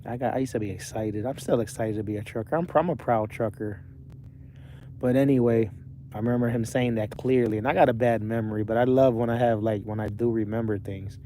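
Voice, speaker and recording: A man's voice: mid-range voice, fairly even intonation, brisk, dark tone, slight background noise. A young man livestreaming from his parked truck cab, rambling casually while reading out viewer comments. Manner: rambling, chatty, self-correcting.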